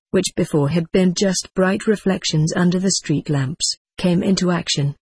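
A narrator reading a story in a measured, wry manner. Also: mid-range voice, darkish tone, breathy edge, no echo. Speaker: audiobook narrator. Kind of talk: scripted narration.

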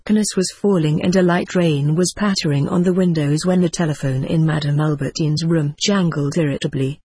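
Husky narrator reading a cat's story, steady and measured, mid-pitched, dry recording. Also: no room sound. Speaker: audiobook narrator. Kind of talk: storybook narration told in first person as a cat.

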